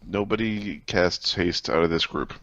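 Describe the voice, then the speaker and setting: A man's voice: low voice, measured pace, fairly bright tone, no room sound, dull audio. A man playing a tabletop game who chats in an easygoing way, explaining his character's plans. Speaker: player. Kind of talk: casual tabletop game chat.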